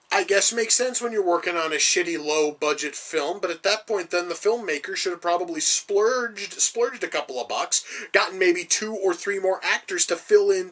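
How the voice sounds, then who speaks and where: A man's voice: high-pitched, fairly bright tone. Exasperated, swearing man reviewing a film. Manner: exasperated, profane and sarcastic. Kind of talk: ranting movie review.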